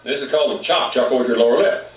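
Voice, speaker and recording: A man's voice: medium pitch, racing, roomy sound, recorded from a distance, dull audio, soft background music. A man teaching elk calling in a plainspoken, folksy way, with rural grammar. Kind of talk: outdoor hunting instruction.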